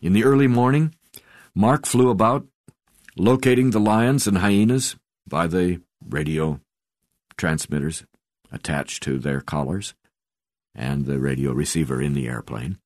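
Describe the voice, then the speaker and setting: A man with a strikingly low, deep voice narrates a memoir in a measured, unhurried reading, often sinking to a near-hush at the ends of phrases. The sound is close and dry, with no room around it. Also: no room sound. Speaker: audiobook narrator.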